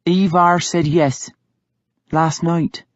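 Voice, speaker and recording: A man's voice: on the high side, little pitch movement, very slow, no echo, pitched above the performer's own voice. A man putting on a tart, pious young woman's voice. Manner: tart, reproving. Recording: dull lo-fi audiobook recording.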